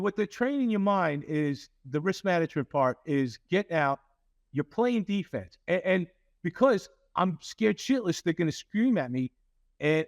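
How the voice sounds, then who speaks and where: Animated storytelling man, dry studio sound. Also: on the high side, dry recording. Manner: animated, acts out quotes, many fillers and restarts. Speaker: company CEO, guest. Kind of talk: storytelling interview.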